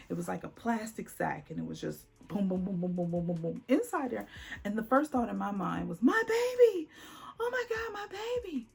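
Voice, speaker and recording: A woman's voice: lowish voice, vocal fry, darkish tone. A woman telling a dramatic personal story on her vlog, acting out the voices of the people in it. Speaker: vlogger.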